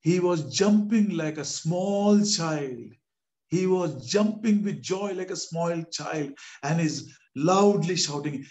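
A man preaching a sermon, telling a story with animated delivery that swells at dramatic moments and addressing listeners as beloved. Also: on the high side, takes it slowly.

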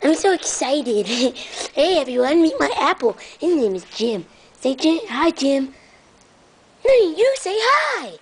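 A woman voicing a hyperactive, easily scared little boy in an amateur comedy impression video, with a squeaky, shrieking voice and frantic outbursts between babbling chatter. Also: big pitch swings, measured pace, slight background noise, full character voice. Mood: giddy.

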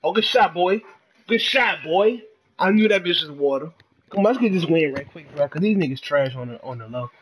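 A man giving excitable, trash-talking commentary while he plays a game, dropping to low mutters and then bursting into shouts. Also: fairly quick. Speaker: gamer. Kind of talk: live gameplay commentary.

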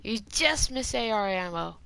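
Bright-voiced woman narrating gameplay. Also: medium pitch, a little slow, vocal fry, clean tone, dry recording. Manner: excitable, talks to viewers while playing, mild exclamations. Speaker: gaming commentator. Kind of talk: live gameplay commentary.

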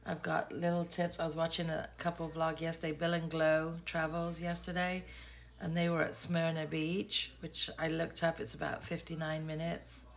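This vlogger, an Englishwoman in her 60s, speaks at normal speed in a low, gravelly voice with little pitch movement. She's casual and self-deprecating, rambling on to her camera.

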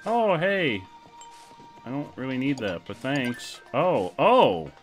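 Young male streamer, lively swooping delivery, playful running commentary over soft game music. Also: mid-range voice, slow. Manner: excitable, expressive, jokey. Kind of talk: casual gameplay commentary.

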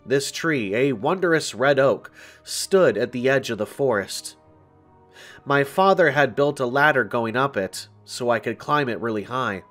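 A man narrating a scripted first-person scary story in a slow, deliberate way. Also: mid-range voice, expressive, fairly bright tone. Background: faint music.

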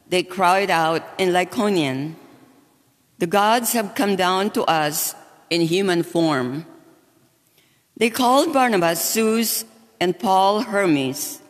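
Man, lector, high voice, unhurried scripture reading, long church echo. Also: a bit bright. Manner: slow, deliberate reading.

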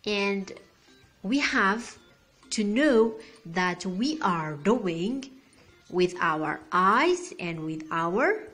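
A woman with Arabic as her first language teaching beginner English, patient and slow, spelling out words and checking "okay?" often. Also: mid-range voice, sing-song, fairly bright tone, soft background music.

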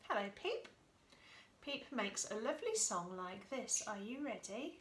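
Woman teacher for a children's session, slow and sing-song with some whispering; echoey room with faint hiss. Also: medium pitch, big pitch swings. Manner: slow, sing-song, exaggerated and clear, with sudden soft whispers. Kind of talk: Attention Autism session for children.

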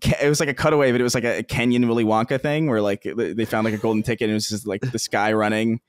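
A man's voice: lowish voice, steady tone, racing, smooth, no room sound, studio quality. A man co-hosting a podcast in casual chat, rambling with many restarts and frequent laughs. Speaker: podcast co-host.

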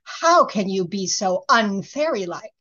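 A woman's voice: mid-range voice, very animated, a little slow, pushed and bright, full character voice. A woman reading a firm, lecturing fairy-tale king. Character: firm, reasonable fairy-tale king, middle-aged man. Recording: slightly muffled recording.

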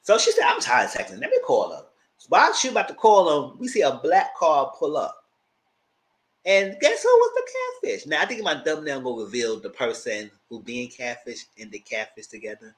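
Animated man recapping a reality show. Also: fairly quick, rough recording. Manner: animated storytelling, acting out quotes in a squealing high voice; loud laughs and shouted asides. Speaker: TV show reviewer. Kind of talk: casual recap commentary.

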